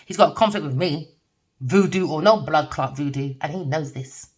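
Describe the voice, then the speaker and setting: This tarot reader, a middle-aged woman, wanders through a spiritual reading with blunt talk, free swearing and frequent laughter. Her low, husky voice moves at normal speed and is picked up from a distance.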